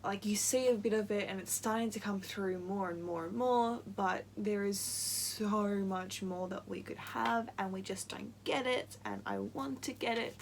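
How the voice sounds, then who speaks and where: A young woman chatting casually in a book-tag vlog, gushing and quick to get worked up, laughing often. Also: mid-range voice, animated, a little hiss or hum. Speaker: book vlogger.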